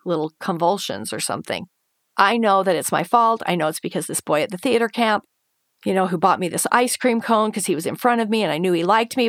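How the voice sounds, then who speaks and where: A woman's voice: medium pitch, no room sound, clean studio sound. A woman telling a painful personal story as an interview guest, earnest and emotional, acting out her past thoughts and the voices of others. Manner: earnest, emotional retelling with quoted inner thoughts.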